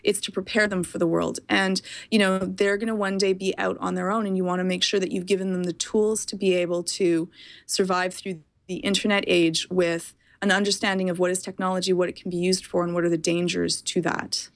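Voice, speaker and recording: A woman guest speaking as a parent, explaining her views in an animated, quick way and often laughing. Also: lowish voice, gravelly. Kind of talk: casual chat.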